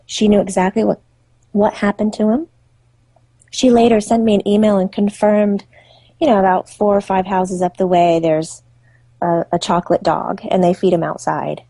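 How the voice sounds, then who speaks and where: A woman tells a story in a husky, mellow voice, recorded close and dry. She is animated and narrates vividly. She laughs often and slips into the voices of the people she describes. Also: medium pitch, normal speed, dry recording. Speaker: psychic medium and author, interview guest.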